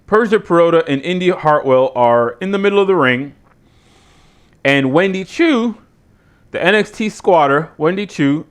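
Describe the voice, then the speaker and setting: A wrestling review show host rambles sardonically through a casual, profane rant, swearing freely. His voice is high-pitched, a bit bright and smooth.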